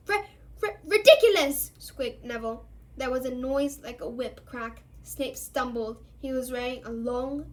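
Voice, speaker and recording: A woman's voice: sits high, low-quality recording. Woman reading a novel aloud. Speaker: book club reader.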